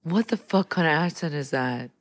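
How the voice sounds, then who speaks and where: A woman's voice: low voice, normal speed. A woman co-hosting a podcast, chatting casually and asking skeptical questions. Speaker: podcast co-host. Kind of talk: casual chat.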